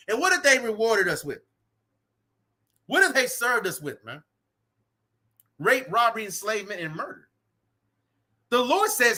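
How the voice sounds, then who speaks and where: This is a man's very high-pitched, expressive voice, moving at a moderate pace with a sharp tone. He's a street preacher giving a fervent sermon outdoors in cold weather, reading scripture and repeating "man" and "right" between lines.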